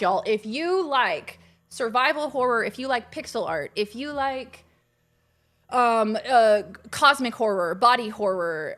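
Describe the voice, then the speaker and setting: A woman's voice: fairly high pitch, fairly bright tone. A young adult woman hosting a casual live game stream, chatting to viewers in a bubbly, gushing way. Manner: chatty, bubbly, gushes when greeting viewers.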